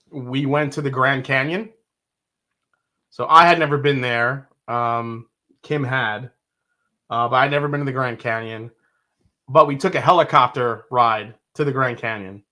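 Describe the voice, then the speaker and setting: Bright-toned chatty man tasting bourbon. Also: mid-range voice. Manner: chatty storyteller, lots of restarts. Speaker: podcast co-host. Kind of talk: casual chat, bourbon tasting.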